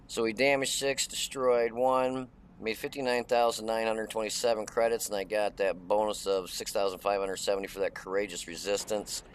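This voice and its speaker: A man's voice: fairly low pitch, flat delivery, moderate pace, hardly any pauses, a little hiss or hum. Folksy middle-aged man narrating gameplay. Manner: chatty, folksy, many uh fillers. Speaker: gaming channel host. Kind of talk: casual gameplay commentary.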